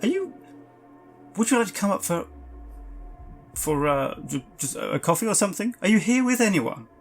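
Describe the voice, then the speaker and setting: A man's voice: sits high, sing-song, moderate pace, vocal fry, faint music behind, pitched above the performer's own voice, heavily acted. A man voicing a flamboyant society lady in a tabletop game, drawling and calling everyone darling. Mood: flirtatious. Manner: drawling, calls people darling.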